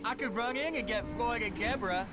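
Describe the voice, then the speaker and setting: A man voicing a nervous, fussy young man in a video game, with a high anxious voice. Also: a little fast. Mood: pleading. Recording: game audio under loud music.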